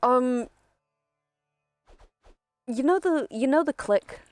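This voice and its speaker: A woman's voice: sits high, takes it slowly, darkish tone, no echo. Woman, gaming streamer, casual rambling chatter, trails off and restarts, faint game music behind. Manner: rambling, self-interrupting, laughs often. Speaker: streamer playing a video game.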